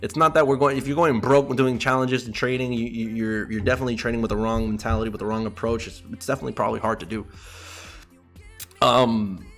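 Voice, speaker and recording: Fast-talking profane male trading streamer. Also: mid-range voice, faint music behind. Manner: profane, animated, repeats himself, talks to chat. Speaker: livestream trading host. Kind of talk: casual livestream chat.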